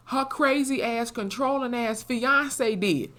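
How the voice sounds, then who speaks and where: A woman's voice: fairly low pitch, brisk. A woman giving a casual, profane recap of a TV episode, animatedly acting out the characters' lines as she retells the plot. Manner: animated, profane storytelling that acts out quoted dialogue. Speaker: TV episode reviewer.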